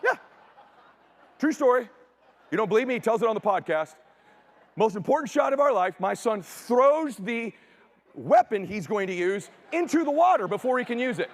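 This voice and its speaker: A middle-aged man giving a motivational keynote as a story, acting out dialogue in punchy short sentences with casual swearing and sudden shouts. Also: extremely high pitch, normal speed, pauses often. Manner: animated, acts out dialogue, bursts into shouts. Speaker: motivational speaker. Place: conference stage before an audience.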